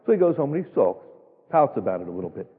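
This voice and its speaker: Folksy, emphatic male preacher, husky, heard through a long church echo. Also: medium pitch, sing-song, fast. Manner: folksy, emphatic, rhetorical questions. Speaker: pastor. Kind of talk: sermon. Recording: tinny phone-like sound, long hall reverb.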